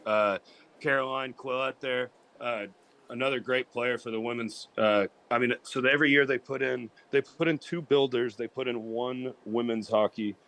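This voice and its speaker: A man co-hosting a relaxed sports talk show, with a middle-pitched voice. He rambles and circles back over his points, padding them with fillers. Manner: rambling, repeats himself with many fillers. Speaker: co-host.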